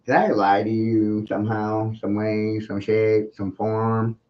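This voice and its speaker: A livestream host with a fairly low voice slowly delivers a taunting monologue, full of repetition and rhetorical questions, with little movement in his pitch. The stream audio is muffled and lo-fi.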